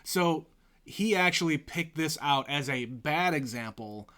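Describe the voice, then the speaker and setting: A man's voice: fairly high pitch, lively intonation, a little slow, bright, forceful tone. A man co-hosting a podcast, chatting casually about a movie and often answering with short agreeing replies. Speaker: podcast co-host. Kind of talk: casual movie-discussion chat.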